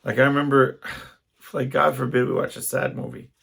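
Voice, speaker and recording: A man's voice: medium pitch, level tone, normal speed, a bit bright, slight background noise. A young adult man hosting a casual solo podcast, telling rambling stories and often stopping to restart his sentences. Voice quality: gravelly, husky. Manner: rambling, self-interrupting storyteller. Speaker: podcast host.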